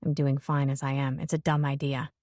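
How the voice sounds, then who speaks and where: A woman narrator voicing a sardonic, brooding grown man, pitching her voice lower with a mocking drawl. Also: level tone, fairly quick, a little mellow, no room sound, studio quality.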